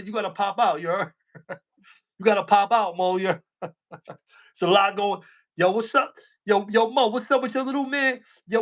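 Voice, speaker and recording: Brief: New man, high-pitched, slangy livestream co-host who laughs a lot. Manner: slangy, laughs often, repeats himself. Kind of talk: casual livestream chat.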